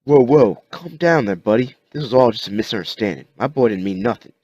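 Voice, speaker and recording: A man's voice: mid-range voice, expressive, fairly quick, dark tone, lo-fi sound, pitched above the performer's own voice, natural voice. A man voicing a folksy, wary survivor father who talks in a casual drawl. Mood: explaining.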